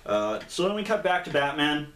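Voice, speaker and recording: A man's voice: a little high, very animated, a little fast, fairly bright tone, a little hiss or hum. A man casually retelling a comic book's plot in a rambling way, with lots of fillers and acted-out quotes. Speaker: comic book reviewer, co-host. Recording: echoey room.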